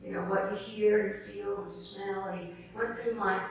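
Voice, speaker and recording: Her voice medium-pitched and steady at a moderate pace, a middle-aged woman from South Carolina gives an earnest, story-filled acceptance speech, repeatedly addressing the crowd as "folks." The recording is distant and echoey in a big formal hall, with slight background noise.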